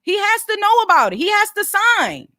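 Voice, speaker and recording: Brief: high, bright-toned woman host, blunt and foul-mouthed, casual commentary. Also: very animated, a little fast, dry recording, studio quality. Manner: blunt, profane, explains business details to viewers.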